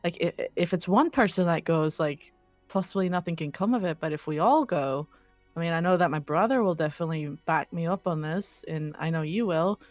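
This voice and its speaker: A man's voice: fairly high pitch, fairly quick, no echo, soft background music, natural voice. A woman voicing a weary, working-class male warehouse guard who talks hesitantly and fills his lines with "like.". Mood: earnest. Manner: hesitant, full of "like" fillers.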